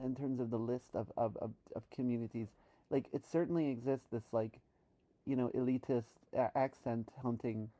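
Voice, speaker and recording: A woman from New York thinking aloud in a reflective solo monologue, halting with many restarts while she practices a trained voice. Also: very deep voice, dark tone. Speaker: vlogger.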